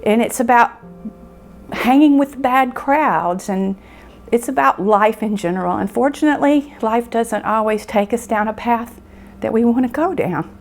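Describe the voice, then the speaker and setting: A middle-aged woman telling of losing her son, halting and emotional, pausing often as she speaks. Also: a little high. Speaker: bereaved mother. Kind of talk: personal testimony interview.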